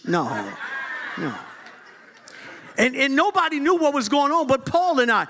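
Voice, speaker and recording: A man preaching a lively storytelling sermon to a congregation in a church, swinging from low asides to loud high shouts and laughing often. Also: moderate pace. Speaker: bishop, preacher. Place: church service before a congregation.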